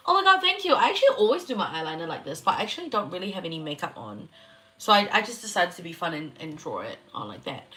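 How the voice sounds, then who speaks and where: A woman's voice: mid-range voice, a bit bright. A young woman, an astrologer chatting loosely on a livestream, giggly, swearing and reacting to viewer comments. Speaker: astrologer hosting a live reading. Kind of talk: casual livestream chat.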